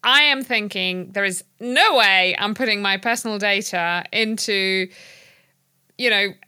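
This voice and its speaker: Woman podcaster, bright tone, emphatic, dry close sound. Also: mid-range voice, a little slow, clean tone, dry recording. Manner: animated, emphatic, skeptical. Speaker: podcast co-host. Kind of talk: casual podcast discussion.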